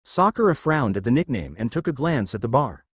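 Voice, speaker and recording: Male narrator, mid pitch, animated reading, dry close mic. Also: fairly quick, husky, dry recording. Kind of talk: reading fan fiction aloud.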